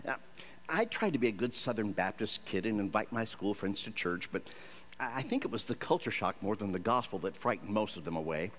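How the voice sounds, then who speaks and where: A man's voice: fairly low pitch, a bit bright. A man from Michigan, a Christian actor, giving a humorous storytelling sermon in a self-deprecating, jokey way.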